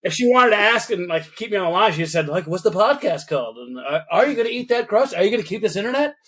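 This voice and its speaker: A man co-hosting a casual podcast, with a voice a little higher than most men's. He tells stories with lots of energy and acts out both sides of a phone call. He swears freely as he talks. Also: animated, fast talker, fairly bright tone, breathy edge. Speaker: podcast co-host.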